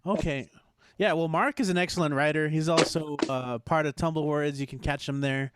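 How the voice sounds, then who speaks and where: Clear-voiced man hosting a video open mic. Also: a little high, normal speed. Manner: relaxed, hesitant, friendly shout-outs. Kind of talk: casual livestream hosting. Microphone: video call.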